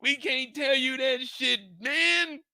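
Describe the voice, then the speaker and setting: A man voicing a gruff, secretive street tough who curses and brushes off questions. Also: a little high, fairly quick, sharp tone, dry recording, voice pushed up. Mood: heated.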